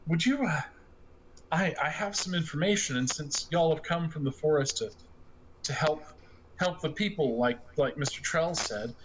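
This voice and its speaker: A man's voice: on the high side, normal speed, close to an everyday voice. A man voicing a timid young peasant girl who stammers in rustic, folksy speech, over a noisy online voice chat. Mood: nervous.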